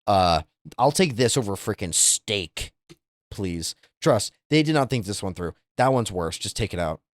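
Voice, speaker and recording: A young man streaming live, chatting casually with viewers and reacting to things with loud, incredulous, profane outbursts. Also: on the low side, lively intonation, unhurried, dry recording. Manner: incredulous, swearing, exaggerated reactions.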